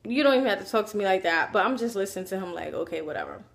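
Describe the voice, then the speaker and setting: A woman telling a personal story to her camera in a casual, animated way, acting out what people said. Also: mid-range voice, rapid-fire. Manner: animated, acts out quoted voices, chatty asides. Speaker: vlogger.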